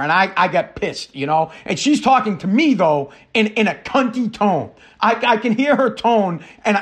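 A middle-aged man with a high-pitched voice rants on his podcast. He tells his story in animated, profane bursts, acting out both sides of the conversation. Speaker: podcast host. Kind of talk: casual ranting monologue.

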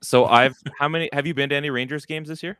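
A man's voice: a little high, steady tone, fast, a bit bright, clear, resonant tone, dry recording. A man co-hosting a podcast, dropping dry, joking asides in casual chat. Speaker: podcast co-host.

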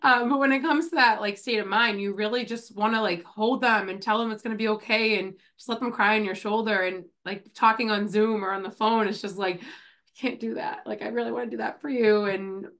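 A woman hosting a podcast in relaxed conversation, her bright voice sitting fairly high. She talks in a chatty, meandering way, leaning on "like" and other fillers. She is coming down with a cold. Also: brisk, hardly any pauses. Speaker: podcast host. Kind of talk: casual chat.

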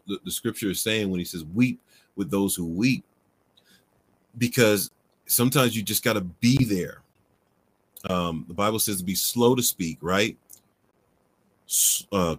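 A man hosting a faith-based livestream, answering viewer questions in a conversational way with frequent "right?" and fillers. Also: on the low side. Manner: conversational, asks "right?" often, many fillers.

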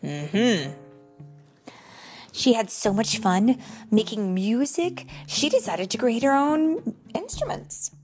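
A young woman reading a picture book aloud to a child, slow and expressive with gentle exclamations. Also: on the high side, faint music behind. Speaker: storybook reader.

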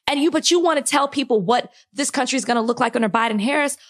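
A woman's voice: high-pitched, fast talker, fairly bright tone. A young woman co-hosting a podcast, speaking with impassioned frustration, near tears, often restarting her sentences. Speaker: podcast co-host. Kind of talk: emotional podcast conversation.

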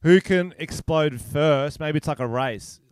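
A man's voice: a little high, measured pace, clear, resonant tone, no room sound, clean studio sound. A man co-hosting a podcast over a remote call, rambling through crude jokes. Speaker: podcast co-host. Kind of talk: crude casual banter. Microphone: remote call mic.

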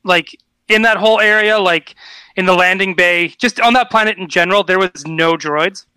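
A man's voice: sits high, moderate pace, bright, forceful tone, smooth, dry recording. A man on a podcast panel, talking casually and tentatively with many fillers. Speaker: podcast co-host. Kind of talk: casual group chat.

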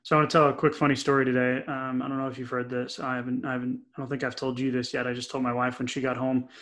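A man's voice: mid-range voice, racing. Chatty storytelling man co-hosting a podcast. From New England. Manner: chatty, animated storyteller with many fillers. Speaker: podcast co-host. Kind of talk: casual podcast chat, storytelling.

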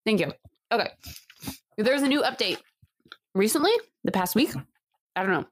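A woman's voice: mid-range voice, moderate pace, no room sound. Woman, podcast co-host, playful ranter, dry close sound. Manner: animated, playful rants. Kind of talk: casual chat.

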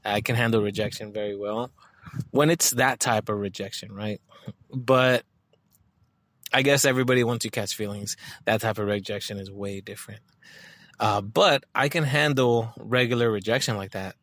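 A man's voice: fairly low pitch, normal speed, a bit bright, dry recording. A man talking casually in a monologue, swearing often and rambling with lots of filler words.

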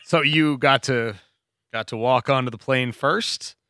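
A man's voice: mid-range voice, a little slow, bright, forceful tone, clear, resonant tone, dry recording, studio quality. A man co-hosting a show, telling a funny story in casual banter and chuckling between lines. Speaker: radio show co-host.

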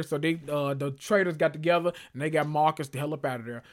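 A male podcast host recapping reality TV in a sassy, animated, gossipy way. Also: a little high, fast. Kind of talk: casual reality TV recap monologue.

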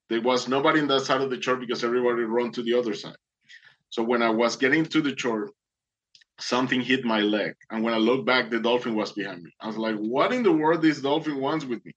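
Man, mid-pitched, earnest testimony storyteller, slightly muffled recording. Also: a bit bright. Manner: earnest, dramatic, acts out voices.

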